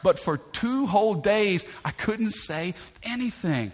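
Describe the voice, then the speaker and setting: A man preaching a sermon, swinging between hushed, drawn-out lines and loud, rising calls to the congregation. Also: high-pitched, lively intonation, faint music behind. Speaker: pastor.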